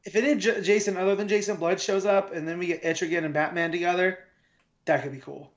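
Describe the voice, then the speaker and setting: A relaxed, agreeable man chatting on a comics podcast and often chiming in with short agreements. His voice is fairly high for a man. The sound is slightly dull and lo-fi. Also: fast talker. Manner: relaxed, agreeable, lots of backchannel "mm-hmm". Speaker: podcast co-host. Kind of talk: casual comics podcast chat.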